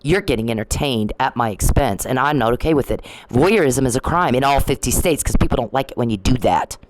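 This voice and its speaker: In a rough recording with a little hiss or hum, a middle-aged woman vlogger rants at someone, scolding them directly in a confrontational, repetitive way. Her very deep voice is expressive and runs a little fast.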